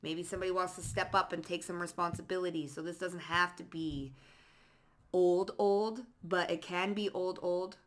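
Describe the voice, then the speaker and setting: A woman's voice: on the low side, steady tone, moderate pace. A woman doing a casual tarot reading, blunt and profane, reading card phrases aloud in short bursts. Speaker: psychic tarot reader.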